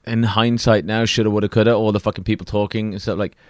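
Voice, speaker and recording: Low-voiced swearing man chatting. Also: level tone, quick pace, a little mellow, no room sound, clean studio sound. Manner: conversational, swearing, acts out quotes. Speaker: podcast co-host. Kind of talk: casual profane chat.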